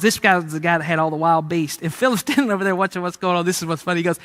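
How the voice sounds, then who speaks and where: A man preaching a sermon, retelling a story in a lively, conversational way with fillers. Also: sits high, racing, hardly any pauses. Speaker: pastor.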